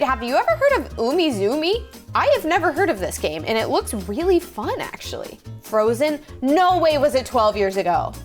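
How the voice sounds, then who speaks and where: A young woman hosting a reaction video, chatting casually and reminiscing, easily amazed by what she sees. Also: high voice.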